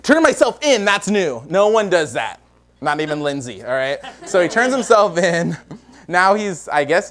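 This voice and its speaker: A man's voice: mid-range voice, a bit bright. Joking male variety show host. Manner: joking, laughs between lines. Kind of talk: comedic news monologue. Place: studio with a live audience.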